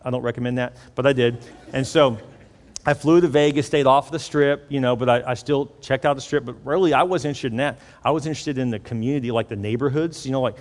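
A man from Houston, Texas preaching a storytelling sermon as a pastor, animated and acting out the dialogue he quotes. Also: mid-range voice, fast talker. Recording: long reverb of a large hall.

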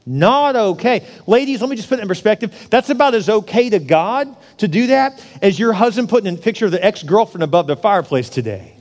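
A man preaching a sermon in a church sanctuary, his voice sitting high for a man. He is an animated preacher who acts out the story as he goes. The sound rings out with a long hall reverb. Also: quick pace, few pauses. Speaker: pastor.

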